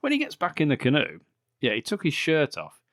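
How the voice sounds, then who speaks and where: A man's voice: fairly high pitch, huge pitch swings, brisk, fairly bright tone, dry recording, studio quality. A man hosting a podcast, sarcastically recapping a bad film with frequent swearing and laughter. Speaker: podcast host.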